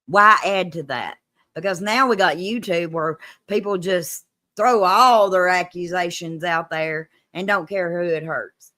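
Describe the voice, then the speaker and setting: A woman's voice: fairly low pitch, measured pace, pushed and bright, no echo. A woman from Kentucky with a Kentucky accent, hosting a casual live-stream chat and trading folksy Southern sayings with a laugh. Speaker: host.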